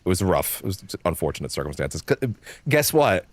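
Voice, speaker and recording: A man's voice: sits low, sing-song, brisk, no room sound. A man streaming a game live, rambling in casual commentary, full of fillers, swearing and frequent laughter.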